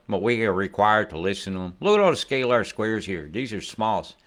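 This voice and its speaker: A man's voice: lowish voice, very animated, brisk, hardly any pauses, fairly bright tone. A man giving casual weather commentary over satellite images, rambling, profane and conspiratorial.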